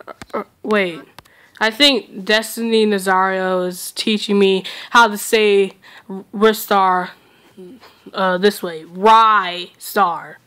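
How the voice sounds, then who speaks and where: A young woman reacting out loud to a video she is watching, excitable and giggly, talking back at the screen. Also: medium pitch, clear, resonant tone. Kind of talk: casual reaction commentary.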